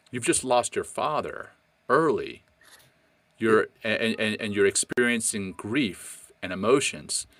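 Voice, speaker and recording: A man's voice: fairly low pitch, lively intonation, slow pace, a bit bright, no echo. A middle-aged man co-hosting a podcast, talking earnestly and passionately, often restarting his sentences. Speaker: podcast co-host. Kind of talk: casual podcast discussion.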